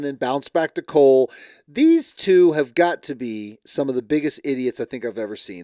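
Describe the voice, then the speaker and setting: A man's voice: fairly high pitch, darkish tone, no echo, studio quality. A man hosting a reality TV recap, commenting in a blunt, sarcastic, exasperated way. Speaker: show recap host.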